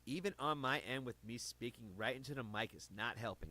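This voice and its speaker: A man's voice: mid-range voice, brisk, hardly any pauses, pushed and bright, no room sound. A man casually chatting to viewers on a livestream, rambling and correcting himself while he talks close into his own streaming mic. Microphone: own streaming mic, adjusted close.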